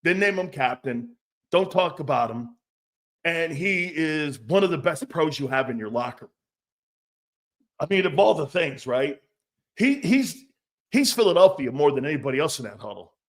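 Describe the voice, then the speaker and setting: A man's voice: on the high side, fairly bright tone. A middle-aged man hosting an opinionated sports talk show, blunt and profane, now and then mocking others in put-on voices.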